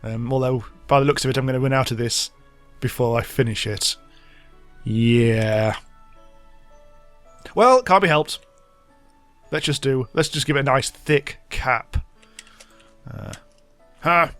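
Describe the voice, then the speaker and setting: A man's voice: mid-range voice, moderate pace, a bit bright, no room sound, soft background music. A man hosting a let's play, giving rambling, self-mocking commentary as he thinks aloud. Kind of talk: casual gameplay commentary.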